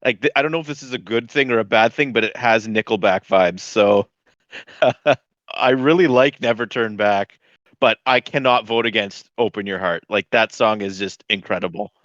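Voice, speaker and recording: A man's voice: fairly low pitch, normal speed, a bit bright, no room sound. Eager male podcast co-host, lo-fi mic. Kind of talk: casual chat. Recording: dull lo-fi mic sound.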